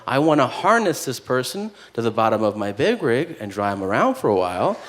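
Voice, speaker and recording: Deadpan male stand-up, lively pitch. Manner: deadpan with dark punchlines. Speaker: stand-up comedian. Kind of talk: stand-up routine. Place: comedy club stage.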